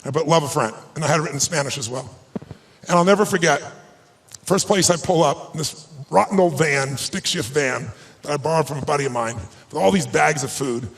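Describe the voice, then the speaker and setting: A man giving a motivational speech at an event, telling an emotional personal story with emphatic delivery. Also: a little high. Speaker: motivational speaker. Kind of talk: speech to a live audience. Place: event stage.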